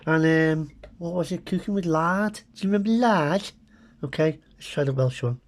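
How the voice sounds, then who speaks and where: This food vlogger is a middle-aged Briton whose voice is a little high and whose pace is normal. Sampling food on camera, he keeps up casual comic chatter, full of wry muttered remarks to viewers.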